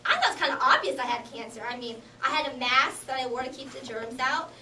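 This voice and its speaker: Lively young woman giving a comic speech. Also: high voice, quick pace. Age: young adult. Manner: animated storytelling with bursts of laughter. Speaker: contest speaker. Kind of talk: humorous contest speech. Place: hall with audience. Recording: echoey hall from far off, noisy.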